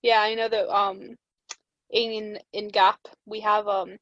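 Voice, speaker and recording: A young Irish woman co-hosts a podcast, chatting casually and telling stories with lots of laughs while acting out quotes. Her voice is medium-pitched, slow, flat, and a bit bright, in a dry recording of muffled podcast audio.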